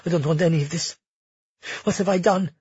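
Brief: male narrator puts on a young queen, fearful and defiant, husky and strained, dry muffled sound. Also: on the high side, brisk, a little mellow, no echo, voice pushed up. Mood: anxious. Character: young woman ruler, frightened yet defiant.

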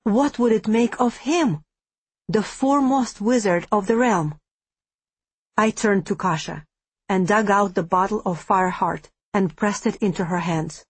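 A woman narrating a first-person fantasy audiobook at a measured, steady pace. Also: mid-range voice, slightly rough, no room sound.

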